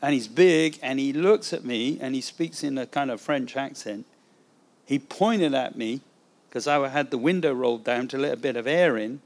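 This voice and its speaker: A man, an evangelist, telling a testimony story in a sermon, animated and acting out the dialogue. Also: mid-range voice, moderate pace.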